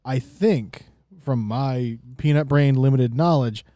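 A man's voice: mid-range voice, slow, mellow, no echo, clean studio sound. A man co-hosting a podcast, chatting casually with crude jokes and laughing asides. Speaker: podcast co-host.

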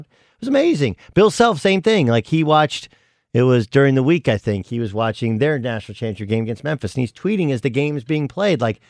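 A man's voice: medium pitch, darkish tone, dry recording, clean studio sound. A middle-aged man co-hosting a sports radio show, chatting casually and rambling with many restarts. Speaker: guest co-host, college basketball analyst.

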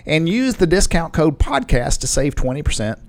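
A man's voice: on the high side, very animated, normal speed, a little mellow. A man co-hosting a casual podcast, joking, laughing often and reading ad copy. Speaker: podcast co-host.

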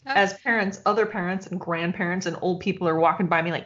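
A woman co-hosting a casual talk show, telling a story in an animated, expressive way. She swears freely and acts out the voices of the people she quotes. The recording sounds a little dull and lo-fi. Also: fairly low pitch, fast. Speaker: podcast co-host.

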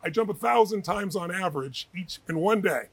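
Husky, fast-talking man. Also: sits high. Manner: energetic, emphatic, acts out quoted voices. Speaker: guest, author and speaker. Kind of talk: animated interview storytelling.

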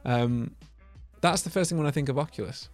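Guy, mid-pitched voice, joking around about games on a podcast, faint music under it. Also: a little fast, dry recording. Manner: jokey, playful, riffs on words. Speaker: podcast co-host. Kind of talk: casual gaming chat.

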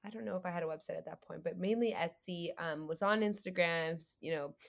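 Animated woman telling a faith story. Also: on the low side, quick pace, gravelly. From United States. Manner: animated storytelling, acts out quoted dialogue. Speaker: guest, creative entrepreneur. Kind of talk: faith podcast conversation.

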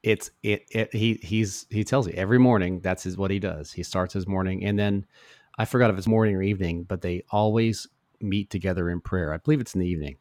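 A man co-hosting a podcast, talking haltingly with frequent restarts. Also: low voice, darkish tone, no room sound, clean studio sound. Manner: halting, restarts often, admiring. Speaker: podcast co-host. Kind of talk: casual faith podcast chat.

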